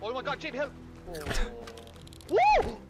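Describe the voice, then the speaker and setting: A man's voice: extremely high pitch, huge pitch swings, a little slow. A man playing a game with friends, panicky and swearing, laughing as he runs. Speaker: gaming friend. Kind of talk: casual gameplay chat. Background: game music.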